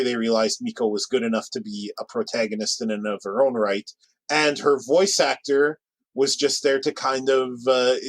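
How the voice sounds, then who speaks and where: A man co-hosting a podcast in casual chat, rambling along with restarts and quick asides. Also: medium pitch, no echo, low-quality recording. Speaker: podcast co-host.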